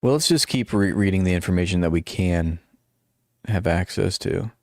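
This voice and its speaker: Sarcastic low-voiced male streamer. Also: moderate pace, a little mellow, no room sound, studio quality. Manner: sarcastic, mocking asides with frequent laughs. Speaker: political commentary streamer. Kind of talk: live-stream commentary, reading articles aloud.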